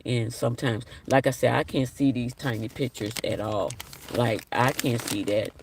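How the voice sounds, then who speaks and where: Guy on a live stream, gravelly voice, chatting and reading comments, says sorry a lot. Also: medium pitch, steady tone, normal speed, far from the mic, a little hiss or hum. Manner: reads viewer comments aloud, apologetic, chatty. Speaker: livestream host. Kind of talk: casual live stream chat.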